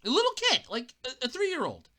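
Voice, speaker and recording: A woman hosting a podcast, talking casually with sarcastic, animated humor and frequent laughs. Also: high-pitched, fairly quick. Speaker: podcast host. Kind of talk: casual comedic podcast monologue.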